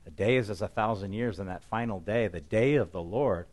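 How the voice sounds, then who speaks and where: A man preaching an expository sermon in a conversational way, swinging between loud emphatic passages and quiet, low asides. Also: brisk. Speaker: pastor.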